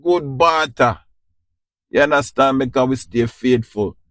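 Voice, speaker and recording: A man's voice: mid-range voice, unhurried, fairly bright tone, no echo. A man with a Jamaican accent hosting a podcast, giving an informal spiritual talk in a preachy, repetitive way and often asking if you understand. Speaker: podcast host.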